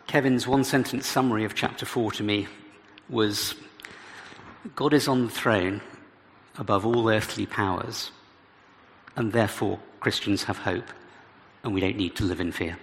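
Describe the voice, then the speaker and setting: Gravelly man preaching in a reverberant hall. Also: on the low side, steady tone, normal speed, long pauses. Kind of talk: expository sermon. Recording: reverberant hall with faint background noise.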